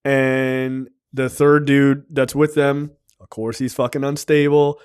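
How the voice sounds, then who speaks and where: A man co-hosting a podcast, retelling a show's plot in casual, animated chat full of swearing and fillers. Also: mid-range voice, slow, clean tone. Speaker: podcast co-host.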